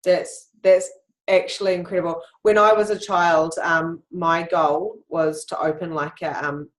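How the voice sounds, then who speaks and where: A woman's voice: lowish voice, steady tone, a little slow. A woman hosting a casual interview, sharing personal stories in an open, confiding way. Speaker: host. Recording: echoey room.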